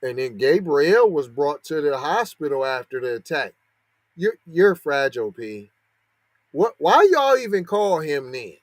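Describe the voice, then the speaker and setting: On his podcast, a man whose voice runs on the high side reacts to a news story with heat and sarcasm, stacking up rhetorical questions. He is very animated yet unhurried, and there's no echo.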